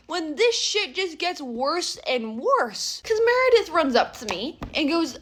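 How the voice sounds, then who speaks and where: A woman telling a storytime vlog, sassy and animated. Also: extremely high pitch, measured pace.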